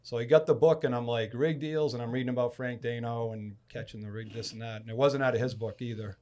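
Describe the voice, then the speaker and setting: Speaking at a quick pace with a medium-pitched voice, a middle-aged Massachusetts man guests on a podcast and tells a casual story. He's an animated storyteller who acts out the people he quotes.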